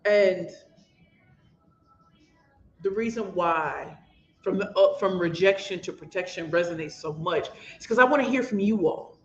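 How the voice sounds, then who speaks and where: A woman author and host from St. Louis, USA, with a St. Louis accent, leads a motivational livestream in an impassioned, preachy style, calling her viewers y'all. Her voice is on the low side, her pace measured with frequent pauses, and soft background music plays. The recording has an echoey, dull lo-fi room sound.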